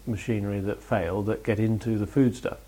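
Matter-of-fact farmer, lowish voice. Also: male voice, fairly even intonation, a little fast, dark tone, husky. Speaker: farmer and regular guest. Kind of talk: casual explanation.

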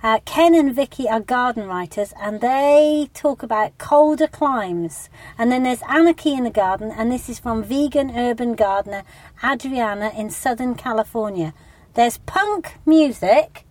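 A British woman co-hosting a podcast, chatty and bubbly with quick asides. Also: on the high side, darkish tone, no echo. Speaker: podcast co-host. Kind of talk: casual chat.

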